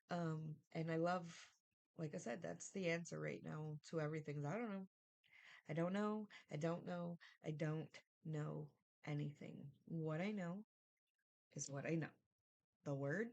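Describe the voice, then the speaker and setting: A woman's voice: lowish voice, creaky, a little mellow. A woman giving a casual, rambling Bible study review, thinking aloud and often asking "right?".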